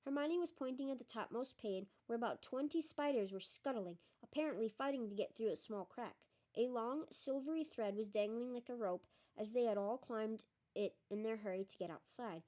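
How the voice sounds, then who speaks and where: Woman reading an audiobook, mellow and a bit high. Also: normal speed, few pauses. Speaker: audiobook reader. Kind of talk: storybook narration.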